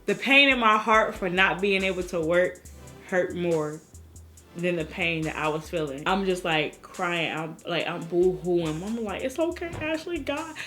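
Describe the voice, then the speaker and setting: A woman's voice: fairly low pitch, unhurried, bright, forceful tone, faint music behind. A young woman, telling a story in a casual vlog and acting out the people in it. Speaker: vlogger.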